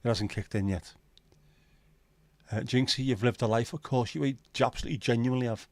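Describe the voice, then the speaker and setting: A man's voice: mid-range voice, fairly quick, darkish tone, no echo. A man hosting a casual livestream chat, reading out viewer comments in a bantering, crude, sweary way. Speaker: livestream host.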